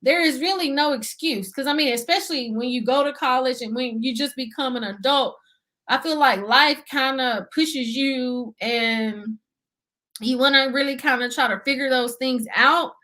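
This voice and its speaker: Bright, high-voiced young woman. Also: moderate pace. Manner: earnest, talkative, many fillers and "you see what I'm saying". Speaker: guest, budgeting YouTuber. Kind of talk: casual interview chat.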